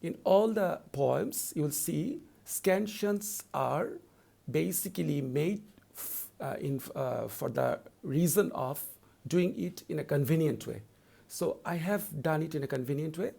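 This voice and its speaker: Male lecturer, gravelly tone, patient repetitive teacher delivery. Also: on the high side, dark tone. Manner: deliberate, repetitive explaining, slows down to read verse lines. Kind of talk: recorded lecture.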